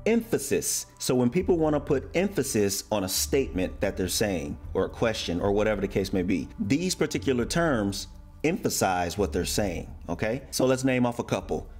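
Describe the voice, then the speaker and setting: A man's voice: lowish voice, very animated, moderate pace, a little mellow, faint music behind. A man from the United States explaining slang in a casual, playful way, acting out example phrases. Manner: playful, acts out example phrases in shifting voices. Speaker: YouTuber explaining American slang.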